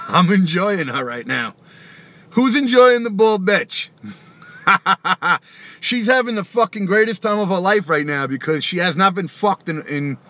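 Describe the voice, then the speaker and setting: A man's voice: high-pitched, bright, forceful tone. A man who raps, hosting a casual live stream and ranting back at viewers' comments, profane and taunting, laughing often. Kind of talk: casual live-stream rant answering chat.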